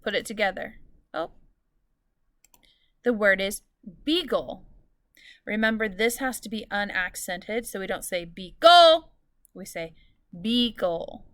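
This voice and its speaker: A woman's voice: medium pitch, unhurried, pauses often, a bit bright, no room sound. Patient woman teacher, dry close sound. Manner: clear, patient teacherly explaining, drawing out example words. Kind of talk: recorded lesson for students.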